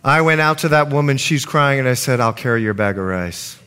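Lively-voiced preacher man telling stories. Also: medium pitch, brisk, smooth. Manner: storytelling with lively acted quotes. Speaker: pastor. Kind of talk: sermon.

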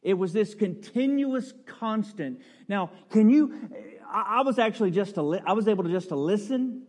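A pastor preaching a sermon, leading the congregation in call and response with a playful, coaxing manner that builds into loud bursts. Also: male voice, high voice, expressive, normal speed. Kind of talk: sermon with audience participation. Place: large church sanctuary. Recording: long hall reverb.

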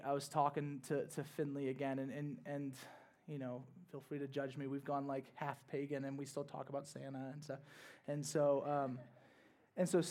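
A man's voice: fairly high pitch, darkish tone. A young man, a pastor, giving a conversational sermon with casual asides and rising bursts of energy.

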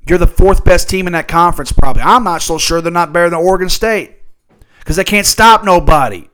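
A man's voice: high-pitched, a little fast, fairly bright tone. A man hosting a solo sports talk show, ranting in a fired-up, profane way. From Louisville area.

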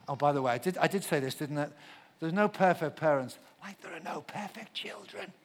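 A middle-aged man preaching a sermon as a pastor, animated, swinging between loud acted-out shouts and soft asides. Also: fairly high pitch, a little fast. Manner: animated storyteller, shouts when acting out quotes, drops to soft asides. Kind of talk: sermon with personal story.

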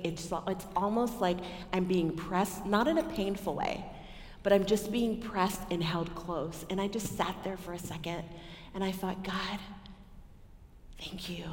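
A woman with a Texan accent preaching a sermon to a women's gathering, telling stories and swinging between loud and hushed moments. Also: mid-range voice. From Texas. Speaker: women's ministry speaker. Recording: echoey hall with long reverb.

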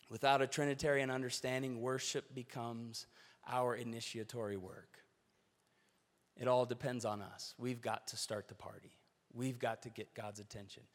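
Pastor preaching in a reverberant hall. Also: male voice, medium pitch. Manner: earnest, storytelling, varied emphasis. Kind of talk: sermon.

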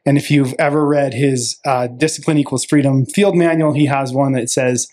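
A man's voice: medium pitch, steady tone, darkish tone. A man co-hosting a podcast, thinking aloud in casual chat with many restarts and fillers. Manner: reflective, halting, many fillers. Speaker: podcast co-host.

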